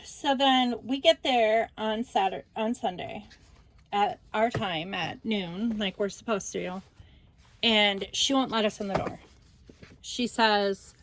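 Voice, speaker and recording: Slow-talking older woman telling a story. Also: medium pitch, slight background noise. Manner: rambling, animated retelling of a family argument. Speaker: scrapbooking channel host. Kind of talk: casual storytelling vlog.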